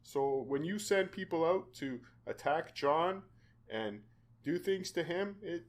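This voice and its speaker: A man hosting a casual podcast chat, his voice sitting a little high for a man. He talks earnestly and haltingly, often restarting his sentences. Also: expressive. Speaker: podcast host.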